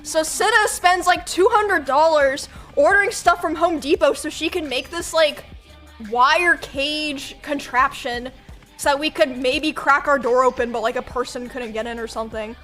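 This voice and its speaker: A young woman streamer telling a story casually and animatedly, swearing and acting out shouts. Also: sits high, moderate pace, faint music behind.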